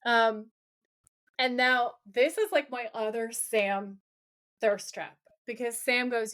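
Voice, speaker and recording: A woman's voice: a little high, slow, fairly bright tone. A woman co-hosting a podcast, casually retelling a TV episode scene by scene, quoting the characters' lines and gushing over them. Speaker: podcast co-host. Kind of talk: casual chat recapping a TV episode.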